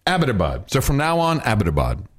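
Animated, low-voiced male podcast co-host. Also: normal speed, slight background noise. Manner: animated, jokey, swings into mock voices. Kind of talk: casual banter.

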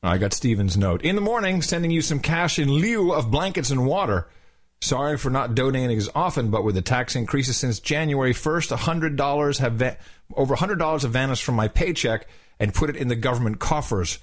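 A man's voice: medium pitch, a little fast. A man co-hosting a podcast, joking around while he reads listener notes. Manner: joking, lively, breaks into mock singing. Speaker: podcast co-host. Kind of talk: casual banter reading listener notes. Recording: remote call line, drops in and out.

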